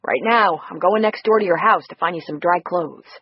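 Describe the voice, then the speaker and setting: A man's voice: high-pitched, moderate pace, husky, dry recording, highs cut off. A narrator voicing a man who soothes and reassures a friend.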